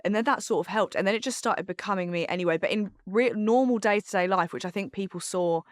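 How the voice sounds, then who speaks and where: A woman's voice: medium pitch, fast talker, dry recording. A woman, chatting candidly as a podcast guest in a studio, rambling with fillers. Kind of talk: casual chat.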